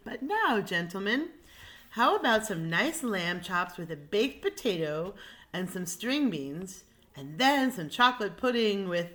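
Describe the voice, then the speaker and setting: A woman's voice: mid-range voice, big pitch swings, measured pace, a bit bright. A woman voicing a fussy, polite male restaurant waiter in a storybook, prim and exclamatory.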